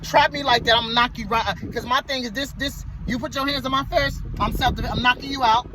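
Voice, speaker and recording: A man's voice: extremely high pitch, fairly even intonation, fairly quick, noisy background. A man who drives a motor coach bus tells a story in a casual vlog, heated and profane, and he repeats himself.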